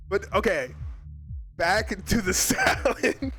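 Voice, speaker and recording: A man's voice: high-pitched, lively intonation, very slow, a bit bright, faint music behind. A young man from Arizona chatting casually with his live chat as a streamer, rambling and laughing often.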